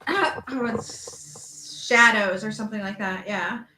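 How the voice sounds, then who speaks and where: A woman co-hosting a podcast, chatting casually about a romance book in a relaxed, hesitant way. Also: medium pitch, slow pace, a little hiss or hum. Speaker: podcast co-host. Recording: roomy echo.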